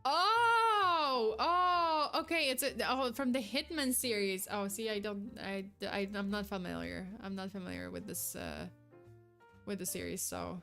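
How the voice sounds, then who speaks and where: A young woman chatting casually on a live stream, reacting to chat with quick, giggly, animated replies. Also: medium pitch, gravelly, faint music behind.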